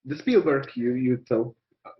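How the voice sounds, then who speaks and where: A man interviewing in careful, halting English. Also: mid-range voice, echoey room. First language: Polish. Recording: slightly dull recording.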